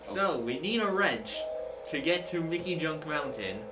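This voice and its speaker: A man's voice: on the high side, lively intonation, a little slow, over music. A man casually chatting and explaining the game while playing with a friend, in a dry, matter-of-fact way. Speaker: gamer co-commentating. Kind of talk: casual let's-play chat. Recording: echoey, distant mic, noisy background.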